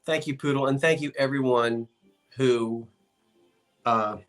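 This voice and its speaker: A man's voice: medium pitch, steady tone, unhurried, fairly bright tone. A man hosting a live online auction of antiques, playful and chatty, joking as he counts down bids.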